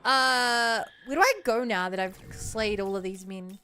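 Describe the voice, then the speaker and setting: A woman's voice: medium pitch, measured pace, sharp tone, slight background noise. A woman streamer giving casual, playful commentary while she plays, joking with chat and laughing often.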